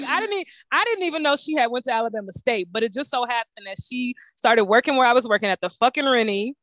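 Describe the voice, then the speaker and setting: Animated profane woman podcast host. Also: sits high, no room sound. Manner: animated, profane, laughing banter. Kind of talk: casual chat.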